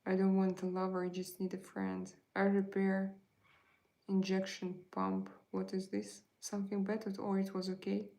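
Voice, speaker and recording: A middle-aged woman with a Russian accent hosts a relaxed live chat, speaking in a halting way and often reaching for the right English word. Her speaking voice sits in the middle of the range for a woman. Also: medium pitch, gravelly, rough recording. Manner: halting, searching for words, many fillers. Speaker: livestream host.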